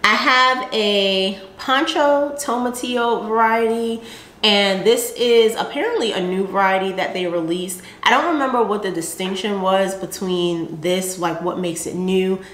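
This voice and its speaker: Unhurried and fairly bright in tone, a medium-pitched woman with a Southern American accent hosts her gardening channel, rambling casually with plenty of fillers while presenting seed packets. The audio is reverberant.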